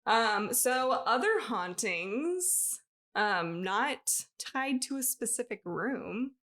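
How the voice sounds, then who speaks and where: A woman co-hosting a podcast reads a ghost story aloud in a loose, chatty style, frequently breaking into laughter. Her voice is fairly high and fairly bright, with lively intonation and a slow pace.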